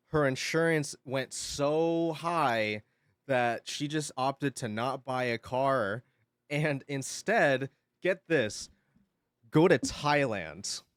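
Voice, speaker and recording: A man livestreaming and chatting casually with his viewers, telling an animated story while swearing freely and laughing often. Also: medium pitch, slow, dry recording, studio quality. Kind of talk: casual stream chat.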